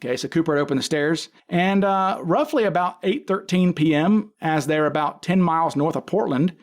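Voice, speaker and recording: A man's voice: fairly high pitch, moderate pace. A man, a podcast guest, casually retelling events in detail, acting out quoted dialogue and often restarting his sentences. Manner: frequent restarts and self-corrections. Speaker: podcast guest, case expert. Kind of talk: casual storytelling.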